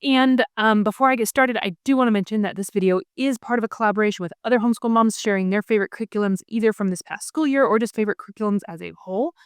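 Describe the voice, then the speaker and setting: A woman's voice: mid-range voice, racing, few pauses, clear, resonant tone, dry recording, studio quality. A woman in her thirties, a homeschooling mother, talking casually and eagerly as she explains things step by step, with frequent ums. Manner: friendly, enthusiastic, explains step by step with many ums. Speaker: homeschooling mother sharing curriculum picks. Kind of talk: casual explanatory video talk.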